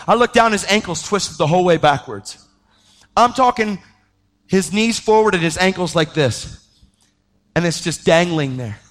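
A man preaching a sermon, telling a story with lively energy and acting out the voices of the people in it. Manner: animated, acts out quoted voices, pitch jumping up when excited.

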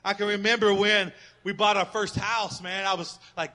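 Fervent high-voiced preaching man. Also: little pitch movement, normal speed, few pauses. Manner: fervent preaching, rising to loud call-and-response, dropping to soft asides. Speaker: pastor. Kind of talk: sermon.

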